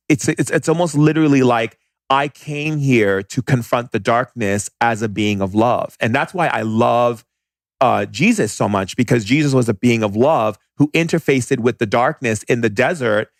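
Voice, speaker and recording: A man talking as a podcast guest in casual storytelling. He speaks bluntly and animatedly, in quick bursts with restarts. His voice sits at a middle pitch, and the sound is dry, with no room echo.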